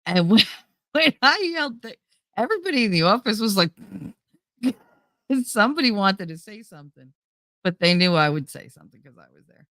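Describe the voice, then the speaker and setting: A woman with a West Indian accent, hosting a casual podcast and telling stories in an animated, profane way, mocking people in put-on voices. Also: mid-range voice, moderate pace, long pauses, no echo, studio quality. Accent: West Indian, thicker when angry. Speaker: podcast host. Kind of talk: casual storytelling rant.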